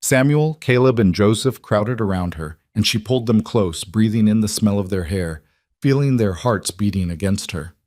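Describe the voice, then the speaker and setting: A man narrating a western story in a measured, dramatic way. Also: fairly low pitch, animated, a little mellow, dry recording, clean studio sound. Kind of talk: scripted narration.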